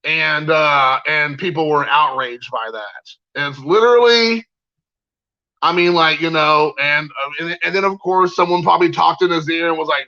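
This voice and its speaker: Gravelly man ranting heatedly. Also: fairly high pitch, normal speed, bright, forceful tone, dull audio. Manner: heated, repetitive, many fillers. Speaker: card collector vlogger. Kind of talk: casual opinion rant.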